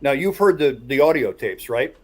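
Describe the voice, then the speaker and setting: Male host spinning a suspenseful yarn, average pitch, easygoing chat. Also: lively intonation, moderate pace, a little mellow. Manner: builds suspense while recounting a tale. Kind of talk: casual storytelling chat.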